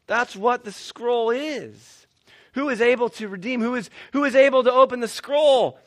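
A man preaching a sermon, animated, swinging between loud declarations and hushed asides, with short laughs and restarts. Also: very high-pitched, moderate pace. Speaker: pastor.

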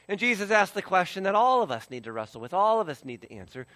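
A male preacher with a bright, forceful tone and a slightly raised voice. He delivers his sermon with big swings, driving some phrases loud and dropping others to a hush. The sound is close and dry, with no room around it. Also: sits high, very animated, a little fast, no room sound. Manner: dynamic delivery swinging from loud emphasis to hushed near-whisper; acts out voices of biblical figures in quotes. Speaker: pastor.

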